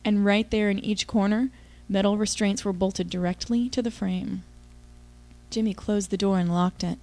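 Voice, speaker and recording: A woman's voice: medium pitch, fairly even intonation, normal speed, a little mellow. A woman giving an intimate, confiding first-person audiobook narration.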